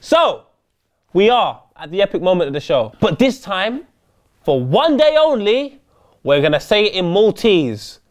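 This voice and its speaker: A man's voice: sits high, very animated, a little slow. A young man co-hosting a casual football chat show in a studio, with dry, laid-back banter. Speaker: co-host. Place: studio in London.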